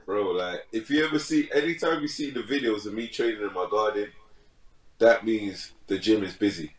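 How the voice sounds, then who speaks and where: Laid-back young man, low voice. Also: moderate pace, reverberant, rough recording. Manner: laid-back, laughs often, says "bro" a lot. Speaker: podcast guest, fitness content creator. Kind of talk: casual chat.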